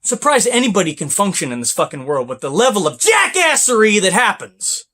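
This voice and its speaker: A man, a truck driver, ranting with sarcasm and heavy swearing about trucking companies, often bursting into shouts. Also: high-pitched, big pitch swings, a little fast. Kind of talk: angry ranting vlog.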